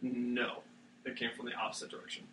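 A man's voice: mid-range voice, completely flat delivery, fairly quick, bright, forceful tone, a little hiss or hum, rough recording. A man narrating as game master in a tabletop game, joking with his players between descriptions.

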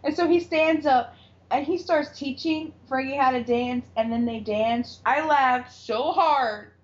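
Animated woman recapping a show. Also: sits high, measured pace. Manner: animated retelling, acts out characters' lines, laughs often. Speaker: podcast co-host recapping a TV episode. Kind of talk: casual chat. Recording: dull lo-fi recording.

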